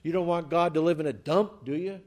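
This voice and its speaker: A man's voice: on the high side, a little fast, a little mellow. A man preaching a sermon as pastor, emphatic, often repeating and restarting, asking the congregation rhetorical questions.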